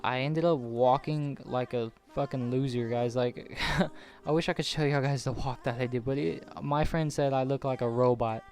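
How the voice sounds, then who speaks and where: A man's voice: mid-range voice, fairly even intonation, normal speed, a little mellow. A young man in his late teens telling a personal story casually over gameplay, rambling and swearing with lots of "like". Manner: rambling, profane, full of "like". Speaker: gaming channel host.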